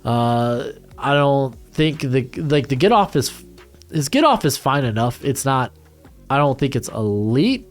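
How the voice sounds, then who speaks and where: A man's voice: mid-range voice, sing-song, measured pace, soft background music. Rambling man breaking down draft prospects. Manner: rambling, frequent fillers and restarts, blunt asides. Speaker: NFL draft analyst.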